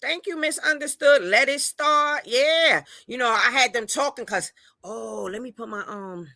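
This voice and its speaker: A woman's fairly high voice, creaky yet pushed and bright, comes at a measured pace in a dry recording. She's hosting a casual livestream chat, welcoming viewers by name and driving points home through repetition.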